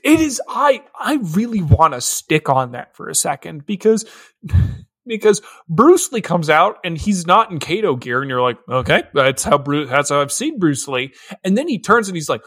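A man co-hosting a podcast in casual movie-review chat, excitable and laughing as he acts out scenes. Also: a little high, normal speed, slightly rough. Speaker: podcast co-host.

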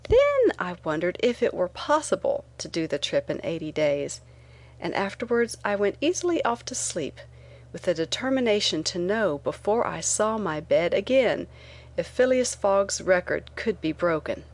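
A woman narrates a first-person memoir as an audiobook reading. Her voice sits fairly low, and she tells the story in a clear, steady way. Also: normal speed.

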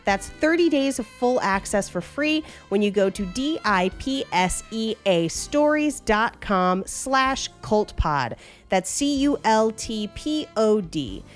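A woman's voice: mid-range voice, takes it slowly, faint music behind. A woman co-hosting a podcast, chatting casually with swearing and reading an ad. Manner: lively, irreverent, swears freely. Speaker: podcast co-host. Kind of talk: casual chat and read ad.

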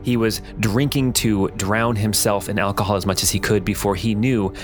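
A man running a tabletop game as game master, recapping the last session in a relaxed, loose way. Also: on the low side, normal speed, faint music behind. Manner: relaxed, with frequent ums and laughs.

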